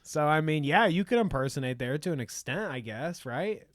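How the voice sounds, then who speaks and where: A young man co-hosting a casual podcast, telling stories quickly and laughing often. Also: a little high, animated, no room sound, clean studio sound. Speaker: podcast co-host. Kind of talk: casual chat.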